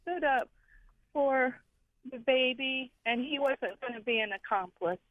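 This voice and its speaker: A woman's voice: high-pitched, a little slow, no room sound. A woman calling in to a radio show from Florida, a little out of breath, earnest and hesitant. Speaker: caller. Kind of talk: call-in radio chat. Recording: tinny phone line.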